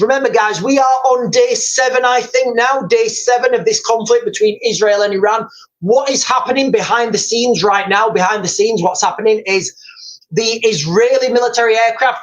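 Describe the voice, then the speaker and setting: A man's voice: high voice, low-quality recording. A man hosting a live commentary stream. He talks urgently and informally, repeats his points and keeps calling his viewers "guys".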